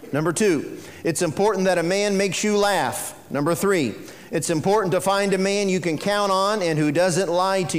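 A man's voice: sits high, in a large hall. A man preaching a sermon as pastor, mixing folksy jokes with earnest teaching, in a church sanctuary.

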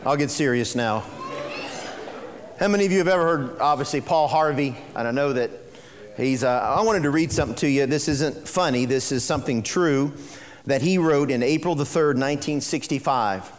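A man's voice: mid-range voice, moderate pace, big-room sound. A man preaching a sermon as pastor, mixing folksy jokes with earnest teaching, in a church sanctuary.

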